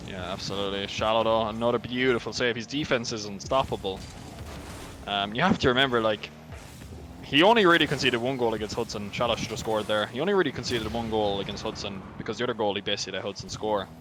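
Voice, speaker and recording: Fast-talking Irish esports analyst. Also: male voice, fairly low pitch, fairly bright tone. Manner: rapid, chatty analysis with fillers. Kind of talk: color commentary. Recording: noisy background.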